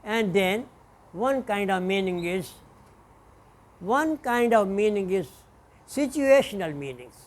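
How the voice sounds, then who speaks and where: High-voiced professor lecturing. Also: male voice, expressive. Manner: deliberate, spells out words letter by letter. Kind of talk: classroom lecture.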